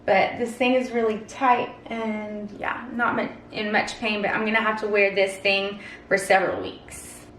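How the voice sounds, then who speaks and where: A woman's voice: mid-range voice, fairly even intonation, moderate pace, hardly any pauses, fairly bright tone, slight background noise. A young woman from Oregon talking to her camera in a casual personal vlog, nervous, giggly and self-conscious. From Oregon, USA. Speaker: vlogger. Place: at home and in a car.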